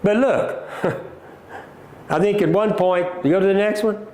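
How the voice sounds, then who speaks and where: A middle-aged man with a Southern American drawl hosts a livestream, firing back at viewer comments with emphatic, repeated points and calling his audience folks. His voice sits a little high for a man. The room around him rings with echo. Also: a little slow, a little mellow, slight background noise. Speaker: company CEO hosting a livestream. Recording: echoey room.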